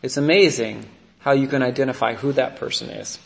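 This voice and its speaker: A priest giving a relaxed, conversational sermon, telling stories and often checking in with his listeners by asking "right?". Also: mid-range voice, a little fast, creaky, reverberant. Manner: storytelling, often asks "right?".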